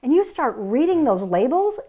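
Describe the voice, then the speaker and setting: Woman host, slightly raised pitch, earnest and emphatic, persuasive in casual chat. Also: very animated, moderate pace, dark tone. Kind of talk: casual chat about diet.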